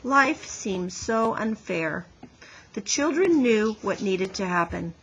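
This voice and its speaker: A woman teacher reading a chapter book aloud to her class over a video call, with clear, explanatory storytelling. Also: mid-range voice, animated, slow, slight background noise, rough recording.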